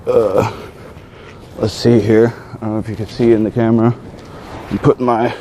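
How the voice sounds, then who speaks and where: A man in a casual vlog, talking in a rambling, excitable way and often saying dude. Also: lowish voice, normal speed, a little hiss or hum. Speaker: vlogger.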